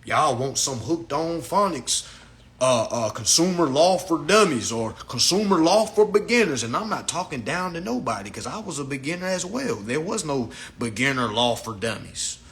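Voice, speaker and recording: Blunt, profane man lecturing a live stream. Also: moderate pace. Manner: profane, blunt, lecturing, animated swings in pitch. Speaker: live stream host teaching a class.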